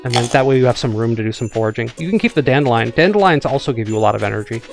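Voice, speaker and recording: A man's voice: medium pitch, animated, very fast, vocal fry. Midwestern guy musing as he plays, trails off and restarts a lot, mid voice, game music going behind him. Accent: Midwestern American. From United States. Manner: rambling and reflective, full of hedges and restarts. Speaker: co-host, gamer. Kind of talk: casual chat while playing a farming game.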